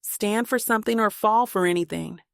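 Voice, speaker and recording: A woman's voice: mid-range voice, moderate pace, gravelly, a bit bright, no echo. A woman voicing a blunt, teasing older grandmother in a dry, close recording, her lines full of churchgoing humor. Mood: sassy.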